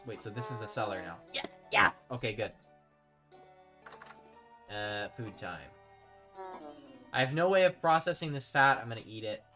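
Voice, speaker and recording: A man chatting casually while live-streaming a game, rambling and reading out his chat. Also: on the low side. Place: home streaming setup.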